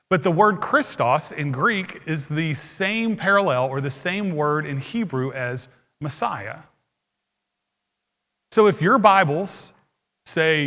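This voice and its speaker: Male pastor, sermon delivery, conversational and explanatory; bright, slightly high voice with long church reverb. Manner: conversational, explaining scripture plainly. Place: church sanctuary.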